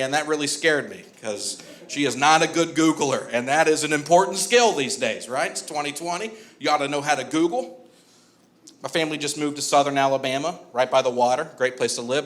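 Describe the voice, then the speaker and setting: On a comedy club stage, a man in his twenties does a stand-up set, chatting, laughing through his jokes, and working the crowd. His voice sits a little high with a somewhat bright quality.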